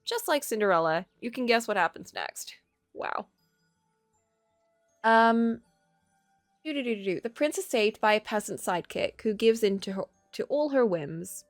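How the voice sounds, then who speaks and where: A woman's voice: fairly high pitch, normal speed, no echo, clean studio sound, faint music behind. A woman streaming a game live, reading its text aloud and chatting casually, laughing and gasping as she reacts. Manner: lively, chatty, laughs often, reacts with gasps.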